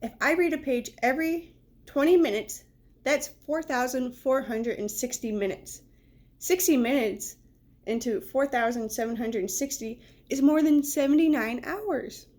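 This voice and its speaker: A woman's voice: sits high, a little mellow. Woman reading a children's book aloud. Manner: pauses to describe the pictures. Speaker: read-aloud storyteller.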